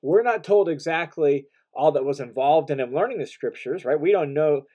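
Earnest male preacher, mellow voice. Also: a little high, expressive, normal speed, slightly rough. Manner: earnest, emphatic, with frequent restarts and rising bursts of stress. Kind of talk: sermon.

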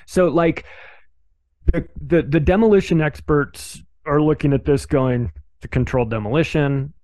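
Animated male podcast guest, dry close sound. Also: a little high, normal speed, dry recording. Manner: animated, acts out other people's dialogue. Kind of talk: casual conversational storytelling.

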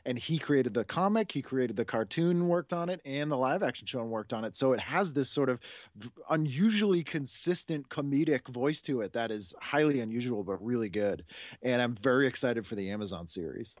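A man in his forties talks eagerly and a bit ramblingly, laughing often as he chats on his podcast. His voice sits at an everyday middle pitch. The recording is close and dry with no room sound. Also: animated, fairly quick, no echo. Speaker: podcast host. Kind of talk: casual chat.

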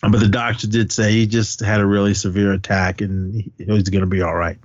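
Male podcast co-host, low-pitched, chuckling storyteller, dull dry sound. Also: level tone, brisk, dry recording. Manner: laughs often while retelling scenes, swears casually. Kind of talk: casual movie recap chat.

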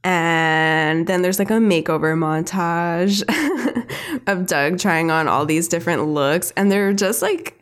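A young woman chats casually and animatedly, retelling a cartoon episode while constantly saying "like." Her voice is fairly low, slow, clear, and resonant.

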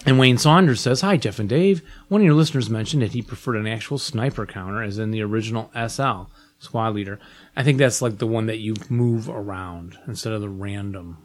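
A man's voice: on the low side, a little fast. A man co-hosting a podcast in casual chat, upbeat and chatty while reading listener letters. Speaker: podcast co-host.

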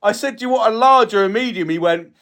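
A man with a slightly raised pitch, cursing freely and cracking up mid-story. He lists things and spills anecdotes in casual pub-chat fashion. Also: a bit bright. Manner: laughing, swears heavily, rapid anecdotes. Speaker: podcast co-host. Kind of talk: casual banter.

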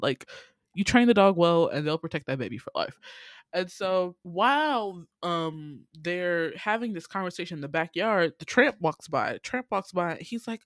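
A woman in casual chat, recapping a movie with lively, profane asides and outraged reactions. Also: dry recording, studio quality. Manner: animated, swears freely, acts out her own outraged reactions in a high voice. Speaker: podcast co-host.

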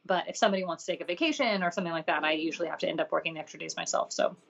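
A woman's voice: fairly low pitch, very fast, creaky, fairly bright tone, lo-fi sound. A woman co-hosting a podcast, chatting casually with a dry, sarcastic edge. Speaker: podcast co-host and business owner. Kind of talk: casual discussion.

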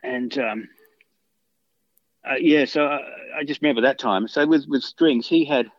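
A man's voice: mid-range voice, moderate pace, no echo, highs cut off. Rambling man telling guitar stories. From Australia. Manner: rambling anecdotes with many restarts and fillers. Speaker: guitarist guest. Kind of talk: casual interview storytelling.

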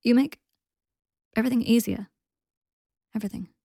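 A weary young man, sad and tender, speaking in quiet, subdued lines, as a woman reads him aloud. The voice has a gravelly touch and a dry, close sound. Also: fairly high pitch, fairly even intonation, moderate pace, no room sound, pitched above the performer's own voice. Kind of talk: audiobook reading.

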